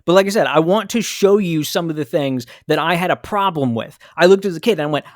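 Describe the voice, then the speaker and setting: A man's voice: a little high, fast talker, dry recording, studio quality. A man hosting a podcast, telling a candid, reflective story about his own childhood. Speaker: podcast host. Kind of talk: personal storytelling monologue.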